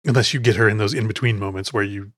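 A man's voice: on the low side, steady tone, fast talker, a bit bright, no room sound, studio quality. A man hosting a podcast, chatting casually and digressively as he recounts film scenes. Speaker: podcast host.

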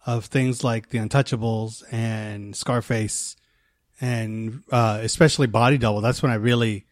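A middle-aged man co-hosting a podcast, talking enthusiastically about films with many restarts and a voice that trails off softly. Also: lowish voice, fairly even intonation, unhurried, dry recording, clean studio sound. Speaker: podcast co-host. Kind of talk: casual movie chat.

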